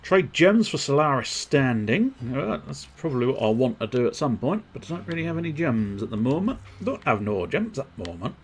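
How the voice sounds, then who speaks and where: A man's voice: mid-range voice, very animated, fairly quick, few pauses. Male streamer, casual sweary game commentary, faint noise behind. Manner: jokey, sweary, muttering to himself.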